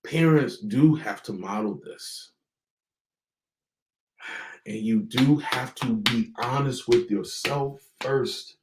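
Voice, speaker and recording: A man hosts a motivational talk for parents, leaning on repetition and slow, emphatic phrasing like a preacher. His voice sits at an ordinary middle pitch. The room around him is echoey. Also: slight background noise. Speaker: host.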